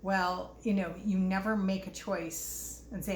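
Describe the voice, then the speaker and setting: A woman's voice: medium pitch, steady tone, normal speed, few pauses, a little hiss or hum. An older woman hosting a casual self-help talk, earnest and reflective, sharing personal stories. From Utah, US. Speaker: host. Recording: echoey room with faint ambience.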